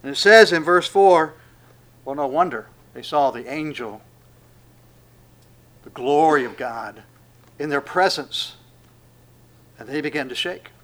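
A preacher man with a somewhat high voice delivers a sermon full of drama. He leaps from booming proclamation to near-whispered asides. He acts out the lines he quotes in character. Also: measured pace, long pauses. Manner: dramatic swings between loud proclamation and hushed asides.

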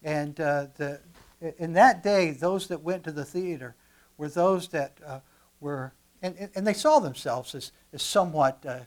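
Male pastor mid-sermon, animated, jumps from quiet to loud, stumbles and repeats words as he goes. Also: fairly high pitch, unhurried. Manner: repeats words when restarting.

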